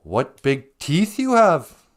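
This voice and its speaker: A man's voice: on the high side, huge pitch swings, slow pace, voice pushed up, full character voice. A man doing a chirpy naive little girl.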